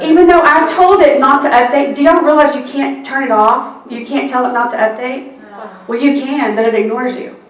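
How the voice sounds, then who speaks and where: A woman tells a work story to a seminar crowd, her voice set a little high and slipping into the other people's lines as she goes. She sounds a way off from the mic, and the room adds a roomy echo. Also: normal speed, recorded from a distance. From Texas. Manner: animated storyteller acting out quoted exchanges. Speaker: court reporter. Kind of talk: anecdote told to an audience.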